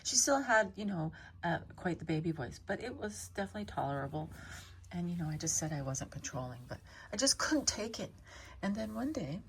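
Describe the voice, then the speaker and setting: A woman's voice: fairly low pitch, a little hiss or hum. A middle-aged woman vlogging for her cat channel, chatting to her cat in a rambling, opinionated way full of wandering asides.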